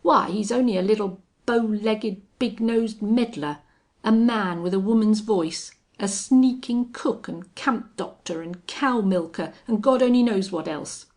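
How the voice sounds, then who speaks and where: A woman's voice: mid-range voice, a little slow, darkish tone, pitched above the performer's own voice, close to an everyday voice. A woman voicing a spoiled, contemptuous young rich rancher's son in an audiobook reading, harsh and sneering.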